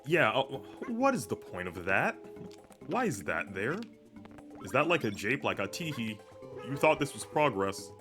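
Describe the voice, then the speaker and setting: A man's voice: mid-range voice, sing-song, measured pace, fairly bright tone. A young man chatting casually while streaming a video game, rambling with lots of fillers. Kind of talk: casual gameplay commentary. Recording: music playing behind.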